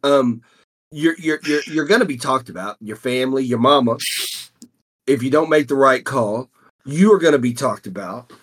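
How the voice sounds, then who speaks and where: A man co-hosting a casual podcast, talking in halting, repetitive starts as he works through a thought. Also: medium pitch, husky. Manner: halting, repeats words when starting a thought. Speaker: podcast co-host.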